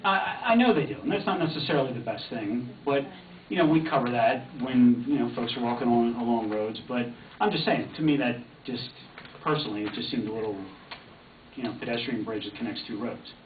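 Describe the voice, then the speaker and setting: A man's voice: medium pitch, fairly quick. Middle-aged man, insurance rep at a public meeting; hedgy, filler-heavy delivery; far mic, tinny sound. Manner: hesitant, lots of hedging fillers. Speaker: insurance representative. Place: township meeting room. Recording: distant, echoey, tinny, noisy.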